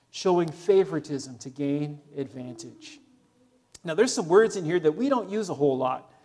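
A male preacher with a fairly high voice delivers an earnest sermon. He urges his listeners on and drops quiet and soft on solemn points. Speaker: pastor.

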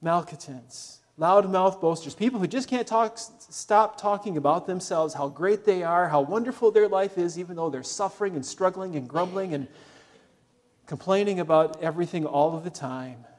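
Earnest higher-voiced male preacher. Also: normal speed. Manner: earnest, urging, dropping soft on solemn points. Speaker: pastor. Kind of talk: sermon.

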